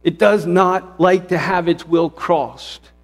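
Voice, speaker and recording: A man's voice: high voice, fairly even intonation, takes it slowly. Earnest male pastor preaching in a reverberant hall. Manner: earnest, repetitive preaching with frequent restarts. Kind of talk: sermon. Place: church sanctuary. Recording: long reverb of a church hall.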